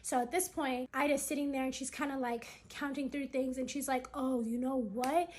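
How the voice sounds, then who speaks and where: A woman's voice: high voice, steady tone, moderate pace, darkish tone, slight background noise. A woman vlogger retelling someone else's family story in a chatty way, full of "like" fillers, acting out the quoted lines.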